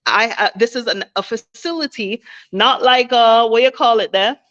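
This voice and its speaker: A woman's voice: a little high, normal speed, fairly bright tone. A woman, a small business owner making an earnest appeal straight to her viewers and often checking in with "okay?". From Jamaica. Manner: earnest, repeats herself, asks "okay?" often. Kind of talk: heartfelt direct-to-camera appeal. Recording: slightly dull lo-fi audio.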